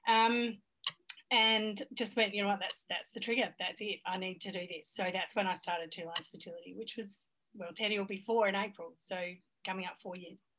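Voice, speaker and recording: A woman's voice: mid-range voice, steady tone, normal speed, sharp tone. A woman in her forties with an Australian accent, a guest on a podcast interview, telling stories frankly and with emphasis. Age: 40s. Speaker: fertility coach guest.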